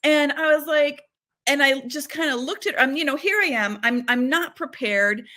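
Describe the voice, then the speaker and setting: A woman guest on a talk show, a psychic medium telling stories in a chatty, animated way full of fillers. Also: high voice, normal speed. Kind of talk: casual storytelling conversation.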